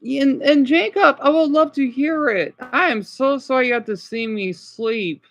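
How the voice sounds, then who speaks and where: A man's voice: extremely high pitch, measured pace, a bit bright. Upset young man ranting on a livestream. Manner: upset, ranting, with many restarts and apologies. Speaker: livestreamer reacting to videos. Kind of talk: rambling livestream chat with viewers.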